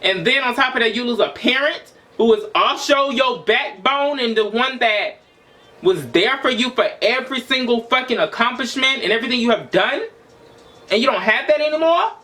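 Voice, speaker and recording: High, bright-voiced young man venting. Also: lively intonation, moderate pace. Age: 20s. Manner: raw, emotional, profane. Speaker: vlogger. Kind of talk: personal venting monologue.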